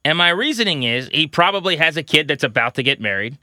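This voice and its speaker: A man's voice: fairly high pitch, animated, quick pace, pushed and bright, no echo, studio quality. A man in his thirties co-hosting a sports podcast in a casual, joking way. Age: 30s. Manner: joking, playful. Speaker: podcast co-host.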